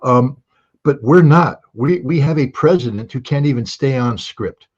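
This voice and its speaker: Husky man, lo-fi audio. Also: mid-range voice, normal speed. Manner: animated, restarts with many fillers. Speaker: guest. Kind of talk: casual political talk.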